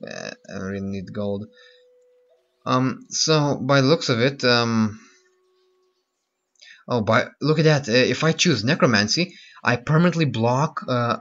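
A man's voice: fairly low pitch, a bit bright. A man giving casual gameplay commentary, thinking aloud and hesitating with many fillers. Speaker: let's play host. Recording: muffled lo-fi with game music.

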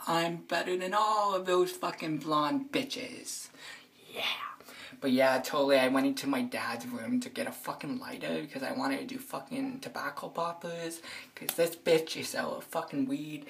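A teenage girl vlogging at home with a strikingly low voice. She rants in a brash, boastful, profane way, jittery and excitable. Now and then she drops into a hushed whisper. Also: normal speed, creaky. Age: teens. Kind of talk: casual vlog rant.

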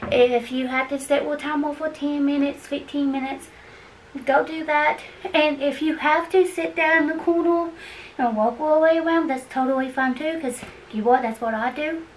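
A woman's voice: high-pitched, steady tone, moderate pace, recorded from a distance, slight background noise, rough recording. A woman chatting to her viewers while cleaning, out of breath, rambling and encouraging. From Kentucky. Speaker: cleaning vlogger. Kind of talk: casual chat to camera.

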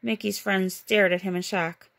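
Woman storybook reader, gentle and expressive, gravelly fry in the voice. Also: mid-range voice, moderate pace. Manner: gentle, expressive read-aloud. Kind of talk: reading a bedtime storybook aloud.

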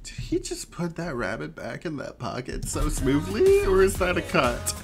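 Gushing reactor with wildly swinging pitch. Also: moderate pace. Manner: excitable, gushing, breaks into laughter and squeals. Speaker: reaction video host. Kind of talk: casual reaction commentary. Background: music video playing.

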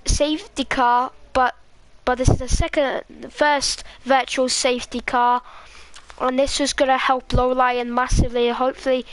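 A woman with a Scottish accent giving live race commentary in a halting, rambling way, full of fillers. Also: high-pitched, fairly bright tone, slight background noise. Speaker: sim racing commentator.

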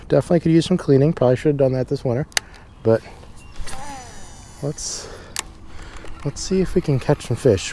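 A young man hosting a fishing channel, chatting casually and upbeat outdoors by a pond in the rain, talking to a camera mic. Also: mid-range voice. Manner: upbeat, excited when catching fish. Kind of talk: casual outdoor vlog talk.

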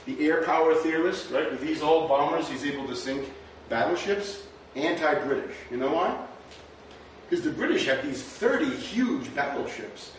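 A man giving a history lecture in a rhetorical, conversational way, often checking in with "right?". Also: medium pitch. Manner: rhetorical, frequent "right?" asides. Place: lecture room. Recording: very echoey room, distant mic, faint noise.

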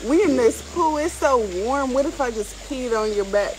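Playful, teasing woman with a lively voice. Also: high voice, normal speed, a little hiss or hum. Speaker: vlogger. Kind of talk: casual banter. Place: outdoor pool at night.

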